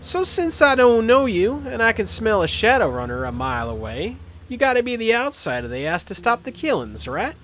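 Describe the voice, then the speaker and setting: A man's voice: high voice, wildly swooping pitch, normal speed, hardly any pauses, fairly bright tone, a little hiss or hum, pitched above the performer's own voice, heavily acted. A man voicing a chatty, cheerful male orc street surgeon in a video game, friendly and joking. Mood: eager.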